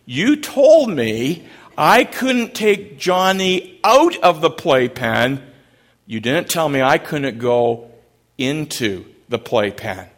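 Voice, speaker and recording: A man voicing an older, soft-hearted grandfather with a raised, pleading voice in a spoken story. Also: fairly high pitch, big pitch swings, takes it slowly, heavily acted. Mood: pleased.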